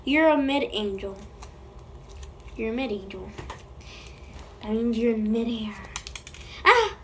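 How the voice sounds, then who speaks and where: A woman with a high voice hosts a casual slime-making vlog, recorded on a phone. She talks at an unhurried pace and playfully chats to the slime as if it were alive. A faint hiss sits under her voice. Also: a little mellow. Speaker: slime video creator.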